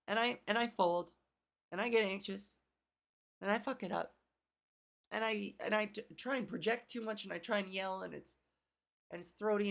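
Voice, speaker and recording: Cracky-voiced woman comedian rambling. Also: mid-range voice. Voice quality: cracky, gravelly voice. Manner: rambling, profane, self-deprecating. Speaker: comedian podcast host. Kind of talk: casual solo podcast chat.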